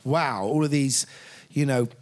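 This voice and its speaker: A man's voice: medium pitch, unhurried. A man in his sixties, a guest musician reminiscing in an interview and telling wry anecdotes.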